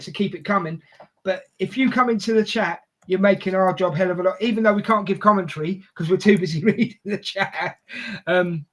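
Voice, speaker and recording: A man with a London accent co-hosting a live football watchalong, chatting casually and reading out viewer messages. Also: high voice. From Scotland.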